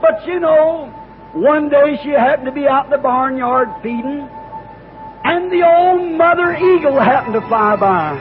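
A man preaching a sermon as a folksy story, in homespun country grammar, growing fervent and shouting at its peaks. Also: extremely high pitch, a little slow. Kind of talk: folksy storytelling sermon leading into an altar call. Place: church service. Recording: dull lo-fi tape with music behind. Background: music.

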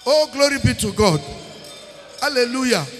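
A man's voice: very high voice, lively intonation, moderate pace, fairly bright tone, soft background music. A man with a Nigerian accent preaching a sermon, emphatic, repeating phrases and singing out words, slipping into Pidgin. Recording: long reverb of a large hall.

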